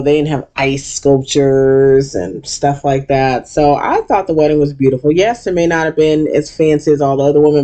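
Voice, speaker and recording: A casual reality-show recapper talking at a middle pitch. The delivery is blunt and profane, loaded with ums and uhs. Quotes from the cast come out in sudden high put-on voices. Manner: blunt, profane, animated retelling with many fillers.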